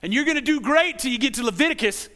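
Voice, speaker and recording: Delivering his sermon at a quick pace, this pastor has an extremely high-pitched voice. His style is lively and conversational, full of repeated words and questions thrown out to the congregation.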